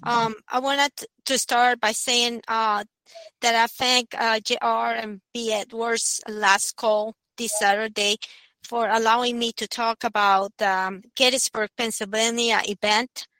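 Woman reading scripture real slow, kinda high voice, dry sound. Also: level tone, sharp tone, clear, resonant tone, no room sound, poor audio. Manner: deliberate and halting.

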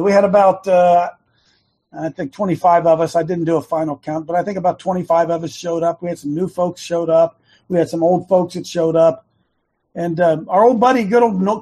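A man hosting a talk show, speaking in an earnest, casual monologue that builds into fervent shouting, wearing earbuds. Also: high voice, slightly rough. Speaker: show host.

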